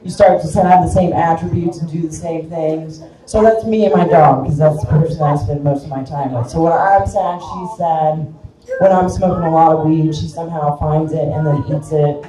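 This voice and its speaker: A woman's voice: low voice, dark tone, distant mic. A middle-aged woman with a Kansas accent doing a crude, self-mocking live stand-up set in a small bar. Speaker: stand-up comedian. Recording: echoey room picked up from afar.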